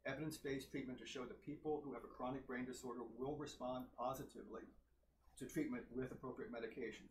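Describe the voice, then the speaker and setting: A man giving a public health lecture with slides, earnest and emphatic, laying out points one by one. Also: medium pitch. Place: lecture hall. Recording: roomy hall sound, faint noise.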